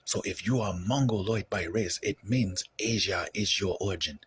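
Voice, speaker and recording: A man's voice: deep voice, normal speed, a bit bright, husky. A man from Ethiopia lecturing in an explanatory way, often repeating "you see". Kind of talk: lecture-style talk.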